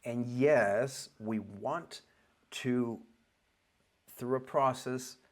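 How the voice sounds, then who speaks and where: A man with an Oregonian accent and English learned as a second language gives a loose spoken lesson as a spiritual teacher, halting and searching for words with frequent restarts. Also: mid-range voice. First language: not English.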